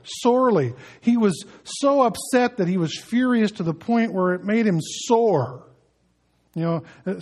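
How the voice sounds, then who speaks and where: This pastor's voice sits high and sounds a little mellow. He preaches conversationally, weaving in small acted-out scenes along the way.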